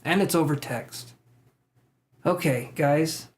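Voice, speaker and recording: Male tarot stream host, a touch high-pitched, loose joking banter with viewers. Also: takes it slowly. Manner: joking, laughing, swearing freely. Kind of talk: casual live-stream chat reacting to viewers.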